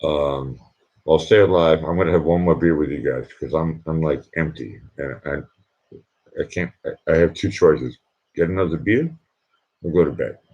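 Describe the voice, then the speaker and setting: Man, live-stream chat, hushed rambling talk, deep bass voice, muffled lo-fi sound. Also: normal speed. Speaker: livestreamer. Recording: dull lo-fi sound.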